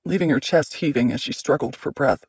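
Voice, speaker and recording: A man narrating an audiobook in a measured, steady reading. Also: on the high side, slightly rough, no echo, lo-fi sound.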